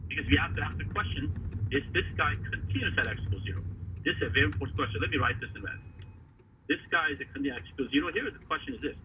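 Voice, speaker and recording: A man teaching a math lesson, talking haltingly with many fillers and quizzing the class. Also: medium pitch, animated, far from the mic. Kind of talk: classroom lecture at a board. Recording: faraway voice over a tinny, noisy line.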